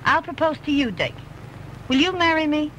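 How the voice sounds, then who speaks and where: A spoiled rich girl who coaxes and pleads to get her way. Her voice sits high and swings widely in pitch. The old film soundtrack carries a faint hiss. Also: animated, normal speed, a bit bright, low-quality recording. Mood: pleading. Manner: coaxing, pleading. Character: spoiled rich young woman, playful and persistent. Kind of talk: 1930s film acting.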